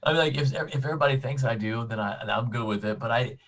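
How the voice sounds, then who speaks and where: A man chatting casually as a convention guest, telling animated anecdotes with frequent restarts. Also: medium pitch, quick pace, poor audio. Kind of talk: casual storytelling chat.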